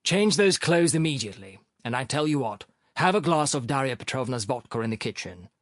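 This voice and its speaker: A man's voice: medium pitch, big pitch swings, fairly quick, dry recording, studio quality, natural voice. A man voicing a stern, exasperated older professor, severe and indignant in manner. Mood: commanding.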